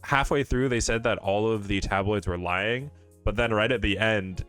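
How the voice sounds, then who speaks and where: Low-voiced young man recapping anime. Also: normal speed, clear, resonant tone, soft background music. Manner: relaxed, laughing, mimics characters in high voices. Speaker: podcast co-host. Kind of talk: casual anime recap chat.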